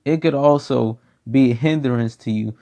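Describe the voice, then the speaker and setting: A man's voice: mid-range voice, normal speed, warm tone. A man giving a casual football opinion rant, blunt and profane, repeating himself for emphasis. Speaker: sports commentator.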